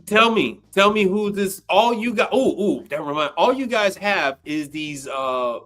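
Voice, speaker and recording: A man's voice: sits high, animated, unhurried, a bit bright, soft background music. A man hosting a livestream, ranting bluntly and swearing in casual talk. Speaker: livestream host. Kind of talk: casual profane rant.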